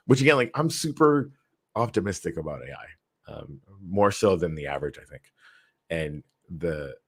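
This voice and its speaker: A tired man hosts a casual livestream, rambling with plenty of fillers and restarts as he reads viewer comments aloud and responds. His voice is low-pitched, husky, and fairly bright in tone.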